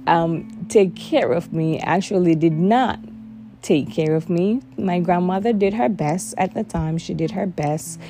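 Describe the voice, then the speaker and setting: A woman's voice: fairly low pitch, warm tone. A woman telling a personal story candidly and emotionally, often repeating words for emphasis.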